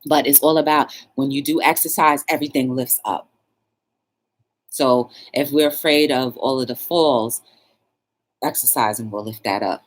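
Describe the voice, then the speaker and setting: A woman hosting her own talk show, chatting casually and coaching a viewer with playful, animated encouragement. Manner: animated, playful, coaching with squealing high bursts and laughs.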